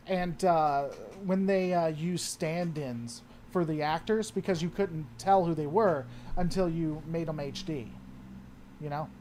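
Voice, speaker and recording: A man's voice: high-pitched, mellow, slight background noise. Rambling man chatting on a livestream. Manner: rambling, trails off and restarts mid-sentence. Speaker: livestream host answering chat. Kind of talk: casual livestream chat.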